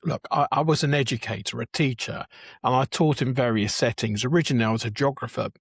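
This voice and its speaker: Husky seventy-something man telling stories. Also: medium pitch, fast, dry recording, studio quality. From England. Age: 70s. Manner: chatty storyteller, restarts and chuckles. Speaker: guest, Jewish educator. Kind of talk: conversational interview.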